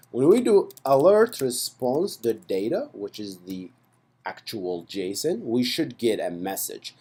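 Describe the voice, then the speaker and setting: A man's voice: fairly low pitch, wildly swooping pitch, unhurried, dark tone, husky. A man giving a casual screencast coding lesson, thinking aloud as he types. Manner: chatty, thinks aloud while typing code. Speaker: programming tutor.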